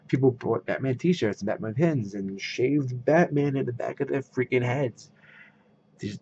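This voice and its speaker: A man's voice: medium pitch, gravelly, darkish tone, lo-fi sound, a little hiss or hum. A man vlogging a casual rant to camera, retelling conversations with quoted voices.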